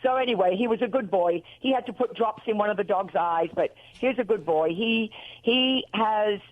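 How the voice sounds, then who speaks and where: A woman from Australia calling in to a radio show, with a mixed Australian and American accent, talking in a rambling, animated way. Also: mid-range voice, moderate pace. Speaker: caller. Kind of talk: casual phone chat. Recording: dull lo-fi phone line.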